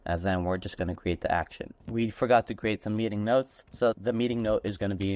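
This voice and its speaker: A man hosting a casual tutorial, walking through software step by step and stringing steps together with "and then". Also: lowish voice, steady tone, a little fast, few pauses, a little hiss or hum. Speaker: tutorial host. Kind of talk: screen-recorded software walkthrough.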